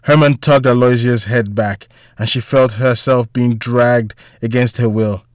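A man reads a novel aloud in a measured, even storytelling manner, his voice close and dry with no room around it. His pitch sits in an ordinary middle range. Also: no room sound. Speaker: audiobook narrator. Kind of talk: scripted narration.

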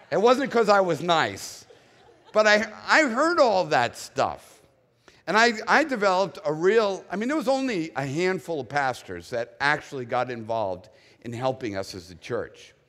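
A middle-aged man preaching in a sermon, his voice sitting a little high for a man. He talks candidly, pokes fun at himself and mimics other people's voices as he tells his story. The long reverb of a large hall carries every line. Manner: candid, self-deprecating, animated storytelling with mocking quoted voices. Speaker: pastor.

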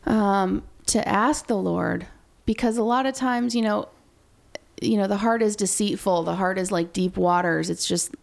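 A woman's voice: mid-range voice, fairly even intonation, a little slow, gravelly. A woman hosting a faith podcast, encouraging listeners directly in a casual conversational way. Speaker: podcast host.

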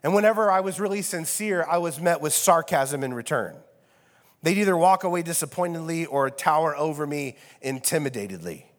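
Brief: male pastor, slightly high voice, wry chatty sermon, long hall echo. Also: fairly quick. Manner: casual and wry, with many fillers. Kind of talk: conversational sermon. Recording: long reverb of a large hall.

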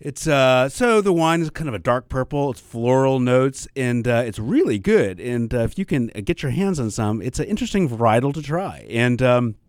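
A man's voice: medium pitch, animated, normal speed, hardly any pauses, dry recording, clean studio sound. A man co-hosting a comic wine radio show, chatty and teasing, laughing easily. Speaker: wine auction director and co-host. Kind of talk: casual comic radio banter.

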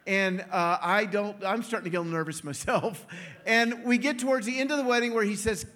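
A man preaching a sermon in a lively storytelling way, acting out the people he quotes and laughing often. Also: sits high, a little fast. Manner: animated, acts out quoted voices, laughs often.

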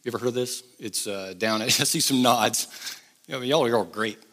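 A man's voice: medium pitch, brisk, fairly bright tone, big-room sound. A middle-aged man preaching a sermon, switching between earnest appeals and joking asides. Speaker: pastor.

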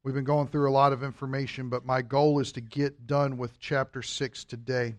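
A man's voice: medium pitch, little pitch movement, moderate pace, no room sound. A man teaching a Sunday school Bible class in an earnest, explanatory way, drawing out key words for emphasis.

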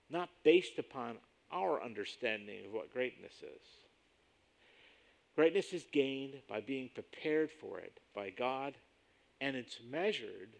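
A man preaching a sermon as pastor, emphatic and rising sharply on key points, slowing down when he reads scripture aloud. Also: medium pitch, vocal fry. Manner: slows down to read scripture aloud.

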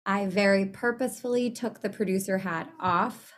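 A woman's voice: medium pitch, normal speed. A woman being interviewed in a casual chat. She rambles, trails off mid-thought and laughs often. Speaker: interview guest.

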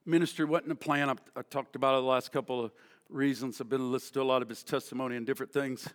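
A man preaching a sermon, telling a story that builds from quiet, low-voiced passages to impassioned, near-shouted ones. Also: steady tone, fast talker, long reverb tail. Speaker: pastor.

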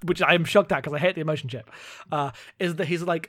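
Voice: medium pitch, a little fast, fairly bright tone. A podcast co-host recapping a book in casual chat, laughing often and sometimes losing the thread.

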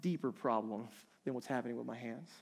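A man in his thirties preaching a conversational sermon, animated and chatty, laughing lightly between points. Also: medium pitch, fairly quick, creaky, breathy edge. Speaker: pastor.

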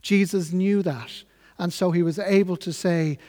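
A man preaching a sermon in an earnest, measured, reflective way. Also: sits high, fairly even intonation, darkish tone, big-room sound.

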